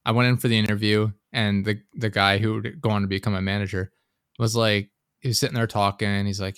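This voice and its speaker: A man's voice: lowish voice, level tone, fairly quick, a bit bright, clean tone, no echo, studio quality. A young man co-hosting a podcast, telling work stories in a loose, ranting way, swearing often and laughing as he talks. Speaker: podcast co-host. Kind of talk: casual chat.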